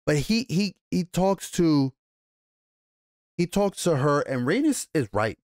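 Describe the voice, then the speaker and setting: A man giving a casual, rambling TV episode recap and review, excitable and profane, with many restarts. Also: on the high side, takes it slowly, no echo, clean studio sound. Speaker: TV show reviewer.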